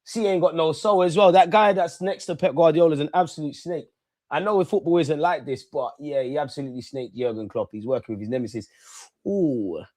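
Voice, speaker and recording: Excitable slangy man hosting a football watch-along. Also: on the high side. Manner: excitable, slangy, talks straight to the chat. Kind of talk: casual live-stream chat and commentary.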